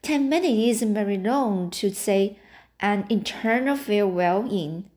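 A woman's voice: medium pitch, measured pace, a little mellow, natural voice. A woman reading the lines of a dramatic, romantic young girl, breathless and theatrically tearful.

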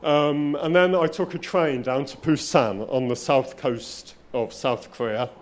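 A man's voice: mid-range voice, measured pace. A man telling a personal story at a live spoken-word night, wry and self-deprecating, often restarting his sentences.

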